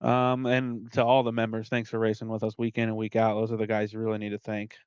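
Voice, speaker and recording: Laid-back male league organizer, smooth voice. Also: lowish voice, quick pace, no echo, lo-fi sound. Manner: relaxed, swears, laughs often. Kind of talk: casual chat.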